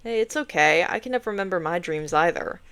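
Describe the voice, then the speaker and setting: A woman's voice: on the low side, expressive, fast talker, a bit bright, clean tone. A woman reading a snarky young brother. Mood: dry.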